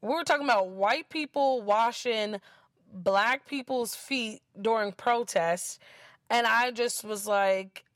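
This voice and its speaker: A woman's voice: on the high side, takes it slowly, no echo, clean studio sound. A woman with an African American English accent telling a casual story, blunt and profane, mocking the people she quotes. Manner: blunt, profane, animated, mimics others mockingly.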